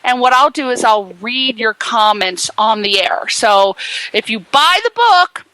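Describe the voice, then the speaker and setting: A woman's voice: animated, unhurried, bright, forceful tone, dry recording, low-quality recording. A woman hosting a radio talk show, chatty and jokey, rambling through plugs and introductions. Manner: bubbly, jokey and rambling, with big swoops of pitch. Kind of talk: chatty radio host patter.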